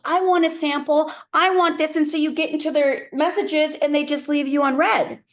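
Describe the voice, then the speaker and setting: A woman's voice: high-pitched, muffled recording. Chatty woman leading a team call. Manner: chatty, encouraging, quick asides. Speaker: team leader hosting a video call. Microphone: video call.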